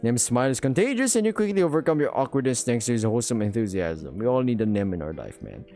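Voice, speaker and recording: A man's voice: mid-range voice, very animated, fast talker, mellow, faint music behind. Man reading game narration aloud. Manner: dry joking asides between narration. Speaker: game streamer reading a visual novel aloud.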